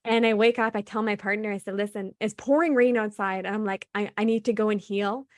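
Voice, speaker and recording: A woman's voice: medium pitch, fairly quick, no echo. A woman, a guest in an interview, telling her personal story with animation and acting out what she and others said. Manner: animated, often acts out her own past dialogue; laughs between phrases.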